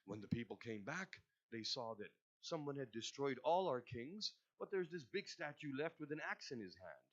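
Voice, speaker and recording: Male majlis speaker, lively and expressive storyteller, muffled recording. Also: mid-range voice, normal speed. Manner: expressive, addresses listeners directly. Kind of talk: storytelling sermon. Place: religious centre.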